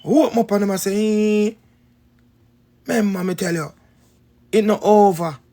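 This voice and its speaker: Casting: Jamaican man, gravelly, slightly high, emphatic spiritual teacher. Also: unhurried, mellow. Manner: repetitive, emphatic, rhetorical questions. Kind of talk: preaching talk to followers.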